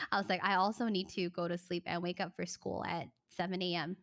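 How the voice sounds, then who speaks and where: A young woman livestreaming, telling a story in casual, animated chat and breaking off to thank viewers. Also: on the low side, no room sound, clean studio sound.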